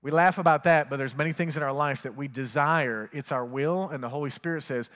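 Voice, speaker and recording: Preaching man, higher voice, echoing hall. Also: fairly quick, few pauses, a bit bright. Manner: conversational, asks the congregation questions. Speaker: pastor. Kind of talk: sermon.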